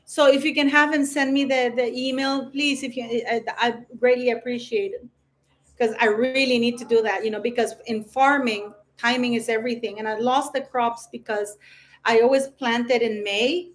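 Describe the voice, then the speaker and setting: A woman's voice: a little high, steady tone, moderate pace. A woman hosting a casual livestream, rambling and chatty with lots of fillers. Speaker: livestream host.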